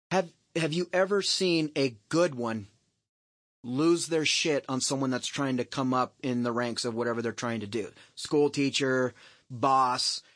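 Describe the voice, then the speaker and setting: A man's voice: mid-range voice, a bit bright, dry recording, studio quality. A middle-aged man telling a personal story on a podcast, candid and rambling, swearing freely and restarting his sentences. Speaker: podcast host. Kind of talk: casual storytelling chat.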